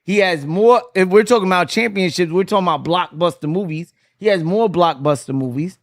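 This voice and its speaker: A man with a high, light voice hosts a casual podcast discussion. He talks in an animated way and keeps throwing questions to his co-hosts. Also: fairly quick. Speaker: podcast host.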